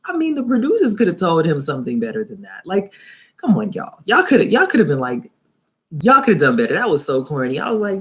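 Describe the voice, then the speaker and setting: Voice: mid-range voice, very animated, moderate pace, fairly bright tone. A young adult vlogger giving a live, casual review of a TV show, chatting and laughing often, with incredulous asides.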